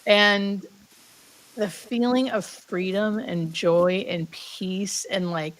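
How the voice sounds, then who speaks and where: With a mid-range, fairly even voice, this woman speaks slowly over low-quality audio. A hospice nurse guest in her thirties, she tells an emotional story of her own, leaning heavily on "like" and lowering to a whisper for quotes.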